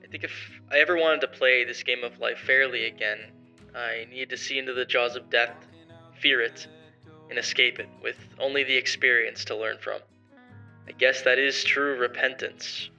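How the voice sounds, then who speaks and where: A man's voice: mid-range voice, steady tone, moderate pace, gravelly, pushed and bright, muffled recording, soft background music. A young man voicing an arrogant male motivational streamer who speaks in a sarcastic, defiant, confrontational way in an amateur story drama. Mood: reflective.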